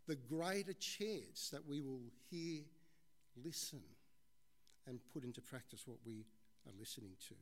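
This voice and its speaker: A male preacher delivers a sermon in a relaxed, conversational way, speaking to his listeners as "folks." His voice sits a bit higher than most men's, and he tells illustrative stories along the way.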